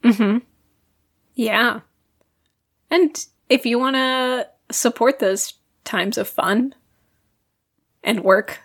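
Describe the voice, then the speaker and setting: A woman co-hosting a podcast in relaxed, casual chat. She talks chattily, with frequent fillers such as "like". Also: fairly high pitch, extremely slow, pauses often. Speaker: podcast co-host.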